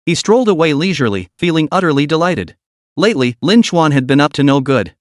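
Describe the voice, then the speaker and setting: A man narrating a dramatic story in a steady, even reading voice. His voice sits fairly high for a man, and the recording is dry and close with no room sound. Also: quick pace, no room sound.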